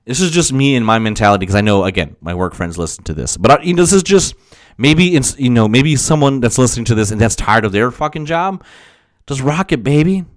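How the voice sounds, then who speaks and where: A man's voice: mid-range voice, lively intonation, brisk, no echo. Young guy podcasting solo, cussing a lot, rambling pep talk to himself, voice kinda shot, dry close mic. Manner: profane, rambling, self-motivating with frequent laughs. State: strained voice. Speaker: podcast host. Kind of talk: casual solo podcast monologue.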